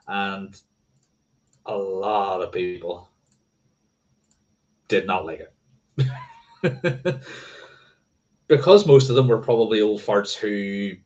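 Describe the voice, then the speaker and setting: A man hosts a laid-back livestream in a slightly low voice, meandering from thought to thought. He restarts his sentences and drops the odd casual swear. The audio is dull and lo-fi. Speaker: motorcycling livestream host. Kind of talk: casual rambling livestream chat.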